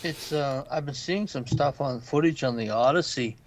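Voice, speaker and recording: A man with a mid-range voice co-hosts a casual pop culture podcast at normal speed. He tells loose stories full of swearing and mimics the people in them.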